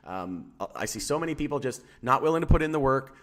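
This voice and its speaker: A man's voice: mid-range voice, lively intonation, fast, a bit bright. A man hosting a casual live stream about stock charts, rambling with many fillers and firing questions at his chat.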